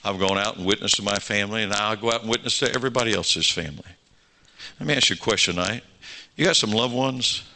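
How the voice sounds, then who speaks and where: A man, preaching a sermon. He tells stories and voices their dialogue, then presses his point with fervent calls to the congregation. His voice is very bright and forward. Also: on the low side, quick pace. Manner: storytelling preacher, acts out dialogue, rising to fervent exhortation. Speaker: pastor.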